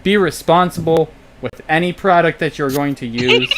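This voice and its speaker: A man's voice: a little high, moderate pace, a bit bright, rough recording. A man hosting and running a tabletop role-play as storyteller, easygoing and joking. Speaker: storyteller, game master. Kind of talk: casual chat hosting a tabletop game.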